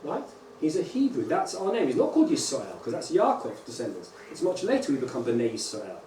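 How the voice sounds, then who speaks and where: A man, a rabbi, giving a lively conference lecture to teachers and often checking in with "right?" and "okay?". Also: a little high, brisk. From England. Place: large lecture hall. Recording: echoey hall, distant mic, faint hum.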